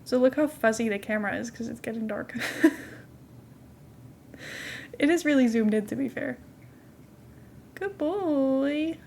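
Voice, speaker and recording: A young adult woman streaming a game from home, chatting in a rambling, casual way and cooing softly at her cat now and then. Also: fairly high pitch, normal speed, vocal fry, pauses often, a little hiss or hum. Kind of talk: casual live-stream chat while gaming.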